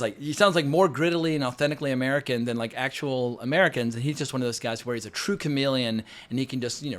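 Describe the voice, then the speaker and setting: A man giving a casual, opinionated film review, blunt and quick to swear. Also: medium pitch, fairly bright tone. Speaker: film critic.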